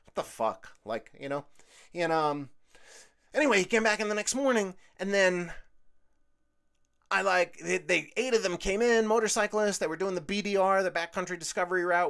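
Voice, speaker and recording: A man's voice: fairly high pitch, fairly bright tone, smooth. A man hosting his own show, telling a long, rambling story in casual chat full of swearing. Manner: profane, chatty storytelling. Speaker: host. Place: indoors at home.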